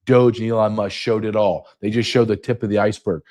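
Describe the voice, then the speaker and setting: A man's voice: on the low side, fairly even intonation, fast, darkish tone. A man in his fifties from the United States, hosting a podcast monologue with an emphatic, repetitive way of speaking. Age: 50s. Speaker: podcast host.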